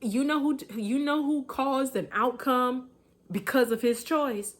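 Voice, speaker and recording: A woman's voice: sits high, a little slow. Emphatic woman preaching motivation. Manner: emphatic, repetitive, colloquial, chuckles. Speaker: motivational speaker.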